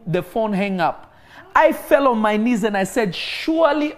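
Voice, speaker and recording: A man's voice: high-pitched, lively intonation, normal speed. A man preaching a sermon to an online audience. He tells a healing story and exhorts his listeners with emphatic, repeated phrases, at times breaking into praying in tongues.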